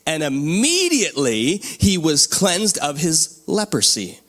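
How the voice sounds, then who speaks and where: Male pastor, fairly high voice, very lively pitch, animated sermon delivery that checks in with the congregation. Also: measured pace, few pauses. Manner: animated, asks the congregation for responses.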